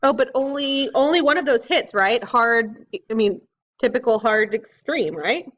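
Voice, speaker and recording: A woman playing a tabletop game, chatting casually and excitedly, often laughing and exclaiming. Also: fairly high pitch, unhurried, lo-fi sound.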